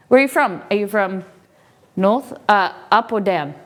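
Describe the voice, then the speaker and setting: Medium in pitch and normal in speed, this woman's voice comes with a faint hiss or hum. Going through a collection on a live stream, she chats loosely with her audience in unboxing style, asking question after question and exclaiming with excitement.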